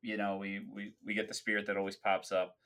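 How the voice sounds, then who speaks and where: A man's voice: on the low side, monotone, quick pace, fairly bright tone, smooth. A man in his thirties chatting casually with dry, sarcastic humor. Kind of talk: casual chat.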